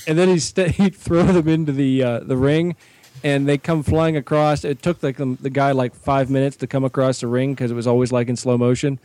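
A man's voice: medium pitch, steady tone, a little fast, mellow, dry recording, low-quality recording. A man co-hosting a podcast, recalling things in a rambling, chuckling way during casual chat. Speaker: podcast co-host.

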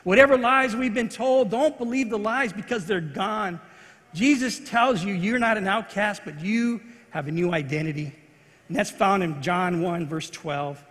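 A man's voice: high-pitched, normal speed, a bit bright, long reverb tail. A man pastor preaching a sermon in earnest, repeating phrases for emphasis.

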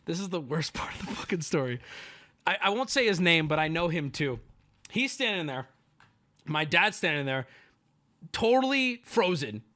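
Male streamer, casual storytelling, profane, jokey, high, bright voice. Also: lively intonation, moderate pace, long pauses.

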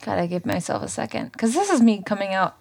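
A woman's voice: mid-range voice, big pitch swings, quick pace, vocal fry, background noise. A woman co-hosting a podcast in casual chat, giggly and rambling, a bit tipsy. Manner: giggly, rambling, lots of laughs. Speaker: podcast co-host.

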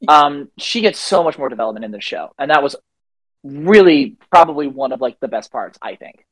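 A podcast guest talking casually, trailing off and filling pauses with ums while building up earnest opinions. The voice sits in a middle pitch and is recorded very dry and close, with no room sound at all. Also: lively intonation, fairly bright tone, no echo, low-quality recording. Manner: chatty, hesitant with many ums, earnest opinions.

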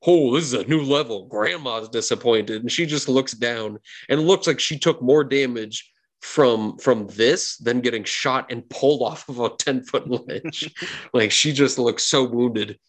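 A man's voice: mid-range voice, unhurried. A man narrating as game master in a tabletop game, chatty and full of fillers.

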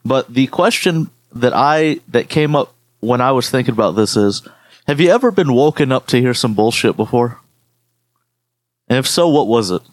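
A man's voice: medium pitch, animated, normal speed, no room sound. A man co-hosting a podcast, telling rambling stories in casual chat with lots of swearing. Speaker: podcast co-host.

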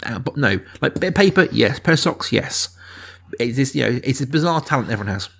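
A man in his thirties with a middle-pitched, somewhat husky voice, chatting on a casual podcast. He tells anecdotes in an animated way, stopping and restarting as he goes. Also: brisk. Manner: animated storytelling with hesitant restarts. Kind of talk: casual chat.

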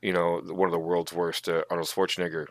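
A man co-hosting a podcast, chatting casually about tabletop gaming in animated, emphatic bursts. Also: deep voice, fast, no room sound. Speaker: podcast co-host.

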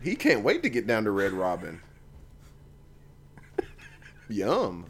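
A man's voice: slow, gravelly, slight background noise. A man co-hosting a casual comedy podcast, joking and laughing often as he chats. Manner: joking, laughs often, lively swings in pitch. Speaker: podcast co-host.

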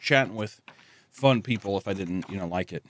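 A man's voice: sits low, a little fast. A man who is a guest on a podcast, chatting casually, stammering and laughing as he rambles. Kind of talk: casual chat.

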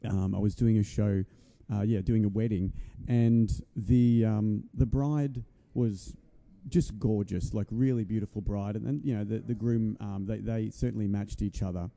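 Gravelly, dark-voiced man hosting. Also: lowish voice, steady tone, moderate pace, hardly any pauses. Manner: easygoing, many fillers, affirms with "yeah". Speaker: podcast host and musician. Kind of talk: casual chat.

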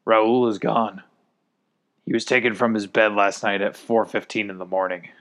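A man's voice: on the low side, steady tone, moderate pace, fairly bright tone. A man voicing a tired young fraternity leader with a strained, growling voice in a storybook reading.

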